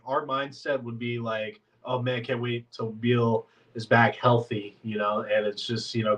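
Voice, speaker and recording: A man's voice: medium pitch, a bit bright, distant mic, low-quality recording. A man hosting a casual sports podcast, congested and talking in a rambling, filler-heavy way like a frustrated fan. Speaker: podcast host.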